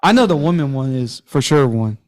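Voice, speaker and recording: A man co-hosting a casual comedy podcast, with an easygoing delivery full of slang and laughter. His voice sits at a middle pitch, neither high nor low. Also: lively intonation, a little fast. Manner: laid-back, slangy, laughs often. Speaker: podcast co-host.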